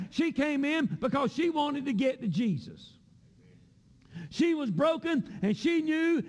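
A man preaching a sermon in a church sanctuary, with a repetitive cadence that rises into shouts. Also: extremely high pitch, in a large hall.

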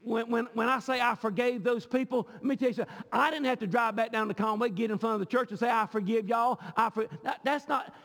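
A man preaches a sermon with a very high voice that has a gravelly edge. He is impassioned and often repeats words as he pushes his point. The sound rings with the long reverb of a church sanctuary. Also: fairly even intonation, fast talker, few pauses, fairly bright tone. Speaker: pastor.

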